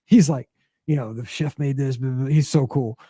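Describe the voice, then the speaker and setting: A man in his forties, a podcast host, telling a story in casual chat with many fillers and excited jumps in pitch. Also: a little fast, no room sound, clean studio sound.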